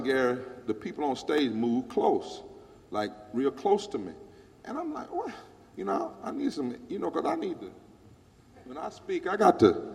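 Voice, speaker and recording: Man, pastor, emphatic storytelling, handheld mic, long hall reverb. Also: fairly high pitch. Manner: animated, emphatic preaching cadence. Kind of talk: storytelling speech on stage.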